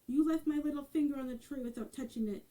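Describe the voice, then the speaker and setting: A resolute young woman from a fairy tale, as the reader voices her, helping the hero with urgent, firm instructions. Her voice is mellow and fairly high. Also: fast, lightly acted, rough recording. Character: kind, resolute young giant's daughter.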